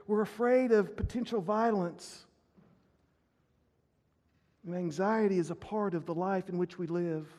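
A man's voice: high-pitched, darkish tone. A man preaching a sermon as pastor, telling a personal story earnestly with many restarts. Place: church sanctuary. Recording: long reverb of a church hall.

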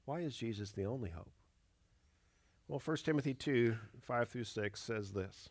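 A pastor in his fifties delivers a sermon, earnest and measured, pushing up on key words and dropping to a hush. His voice sits at an ordinary middle pitch. The sound is dry and close, with little room echo. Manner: earnest, measured preaching with emphatic rises and soft drops.

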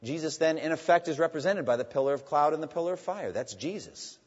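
A man preaching a sermon as a pastor, emphatic and swinging between loud and hushed. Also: on the high side, animated, quick pace, breathy edge. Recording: dull sound in a long-reverb hall.

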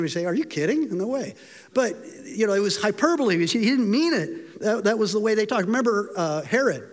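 A man with a high, light voice preaches a sermon, telling the story with feeling and acting out the quoted lines. His voice rings through a hall with a long echo.

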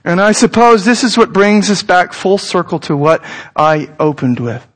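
A pastor in his thirties preaching a sermon, his voice sitting notably high for a man. He talks in a casual, earnest way and addresses his listeners directly. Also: expressive, moderate pace.

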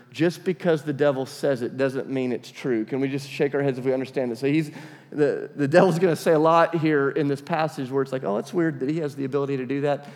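A man's voice: medium pitch, darkish tone. A man preaching a sermon to a congregation, reading scripture and asking them to call out answers. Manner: emphatic, asks the congregation to respond. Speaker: pastor. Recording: reverberant church hall.

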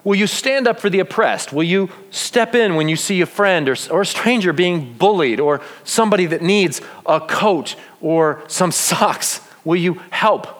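A man's voice: high voice, a little slow, hardly any pauses. A man preaching a sermon as pastor, full of rhetorical questions. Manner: animated, asks many rhetorical questions. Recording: long reverb of a large hall.

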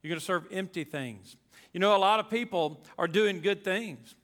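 A man's voice: high-pitched, moderate pace, a bit bright, long reverb tail. A pastor preaching a sermon to his congregation, emphatic and folksy, repeating his key phrases.

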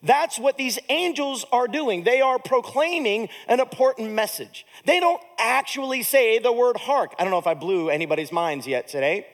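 A man's voice: very high voice, expressive, moderate pace, few pauses. A man pastor giving a sermon in a conversational way, with humorous, self-deprecating asides and a tired edge.

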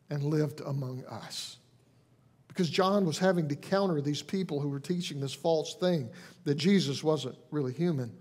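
With a voice a little on the high side, a pastor delivers a gentle, earnest sermon that feels conversational. He keeps restarting phrases, and his voice softens when he quotes lines.

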